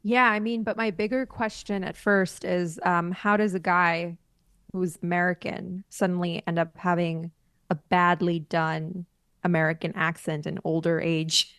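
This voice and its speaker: A woman co-hosts a podcast, talking through a TV series in casual chat. She sounds thoughtful and animated and often laughs. Her voice is recorded dry and close, with no room sound. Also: fairly low pitch, a little slow, clean tone, dry recording. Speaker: podcast co-host.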